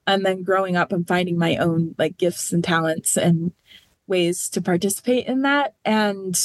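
A woman's voice: on the low side, moderate pace, no echo. Earnest woman guest, dry close sound. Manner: earnest, thoughtful, many fillers like "like" and "you know". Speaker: nonprofit program manager, guest. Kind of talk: conversational podcast interview.

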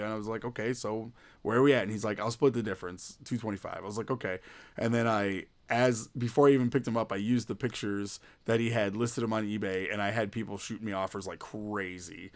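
A man in his thirties tells stories in a loose, rambling way, filling his sentences with "like" and "you know." His voice sits a little low, and he keeps it in casual podcast-chat mode. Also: steady tone, a little fast. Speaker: podcast co-host.

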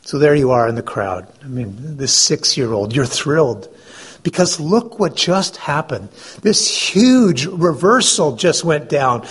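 A man preaching in a storytelling way, slightly high and husky. He pulls his listeners into the scene and poses questions to them. The tone is that of a pastor speaking to his congregation. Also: lively intonation, unhurried. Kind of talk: sermon.

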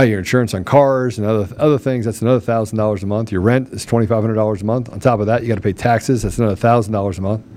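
A man's voice: fairly low pitch, a little mellow. A man hosting a political podcast, ranting angrily and with heavy emphasis. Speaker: podcast host. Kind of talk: heated political commentary.

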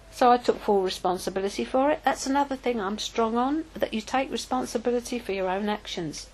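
A woman's voice: fairly high pitch, fast, few pauses, darkish tone, a little hiss or hum, low-quality recording. An older woman giving an informal, anecdotal teaching talk as a preacher, chatty and prone to self-corrections.

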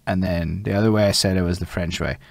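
A man hosts a loose chat over a video call. His speech meanders, packed with "like" and restarts, in a somewhat low voice. The sound is dry and close. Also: steady tone, fast talker, vocal fry, dry recording. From Montreal, Canada. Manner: rambling, filler-heavy with lots of "like". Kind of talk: casual video-call conversation.

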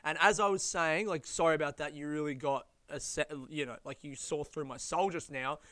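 Bright, animated Australian man. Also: fairly high pitch, moderate pace, no room sound. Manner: animated, swears freely, laughs while telling stories. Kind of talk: casual storytelling monologue.

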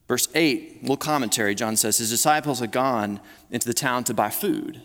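A man's voice: mid-range voice, fairly quick, a bit bright. A man preaching a sermon as pastor, talking conversationally with frequent restarts and repeated words. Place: church sanctuary. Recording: long hall reverb.

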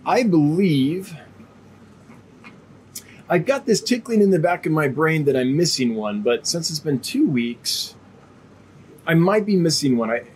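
A man's voice: on the high side, animated, a little slow, pauses often, a little mellow, a little hiss or hum. A man hosting a casual live stream as a fish seller, talking in a chatty, rambling way with a cough drop in his mouth and a slight lingering cough. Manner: chatty, rambling, with frequent fillers.

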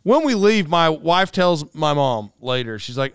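A man's voice: a little high, sing-song, a little slow, fairly bright tone, clean tone, no echo, clean studio sound. A middle-aged man telling rambling, self-aware stories in a casual solo monologue.

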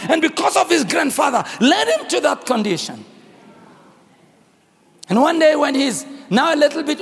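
A man from South Africa preaching a sermon, telling the story dramatically with voices and frequent shouting. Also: extremely high pitch, vocal fry, big-room sound. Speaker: pastor.

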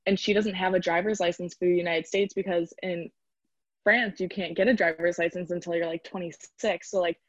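A woman's voice: on the low side, steady tone, fairly quick, dry recording, muffled recording. A young woman from the Chicago area, chatting casually in an interview as a college rower and filling her speech with "like". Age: young adult. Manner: chatty, lots of "like" fillers.

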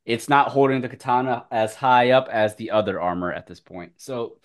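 A man running a tabletop game as game master, swearing and laughing often, with loud outbursts. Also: mid-range voice, steady tone, moderate pace.

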